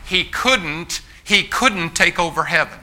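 A man's voice: a little high, expressive, slow pace, sharp tone. A man preaching a sermon to a live congregation in a church. He speaks emphatically, often restarts his phrases and keeps calling out to the listeners as folks. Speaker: pastor.

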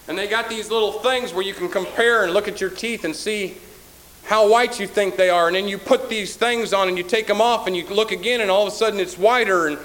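A pastor with a high voice delivers a sermon. He moves between quiet, confiding asides and loud, shouted appeals. He uses a homespun, folksy manner and acts out everyday people's voices. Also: fairly quick, poor audio. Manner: emphatic, swings from quiet to shouting.

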